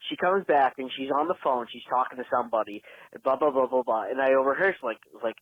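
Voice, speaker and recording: A man's voice: medium pitch, fast, no room sound. A man leaving a rambling, frustrated voicemail rant as a caller. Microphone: phone. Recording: phone line voicemail.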